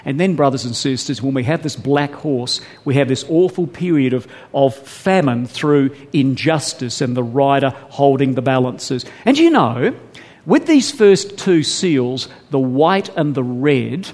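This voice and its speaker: A man preaching a sermon, calling his listeners brothers and sisters, stretching key words slowly and then rushing ahead with emphasis. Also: mid-range voice, darkish tone. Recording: long hall reverb.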